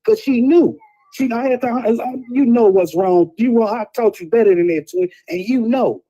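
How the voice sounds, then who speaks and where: Blunt streetwise man with dark, mellow tone. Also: extremely high pitch, moderate pace, poor audio. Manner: streetwise storytelling, blunt and preachy. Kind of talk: casual talk show chat.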